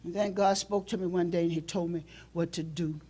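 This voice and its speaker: A woman pastor preaching a sermon in a church, swinging between loud emotional outbursts and hushed, low passages. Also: steady tone, fairly quick.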